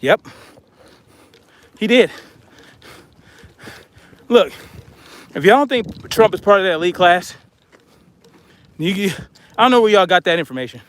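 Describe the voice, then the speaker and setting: Breathless man, high pitch, blunt outdoor vlog monologue while hiking. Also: animated, unhurried, long pauses. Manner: blunt, chatty, addresses viewers as y'all. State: out of breath from hiking uphill with a pack. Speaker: vlogger.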